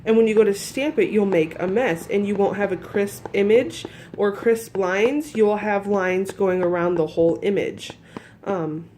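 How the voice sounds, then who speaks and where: A woman's voice: medium pitch, darkish tone, a little hiss or hum. A woman with a groggy morning voice, chatting casually through a crafting demonstration with lots of fillers and restarts. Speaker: crafting tutorial host.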